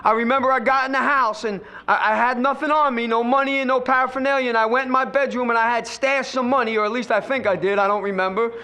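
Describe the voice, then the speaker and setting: Middle-aged man, recovery speaker; high, bright voice, emphatic and repetitive, addresses the audience directly. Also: fairly even intonation, fast, few pauses, smooth. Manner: emphatic storytelling, repeats phrases for effect. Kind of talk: personal recovery testimony to an audience.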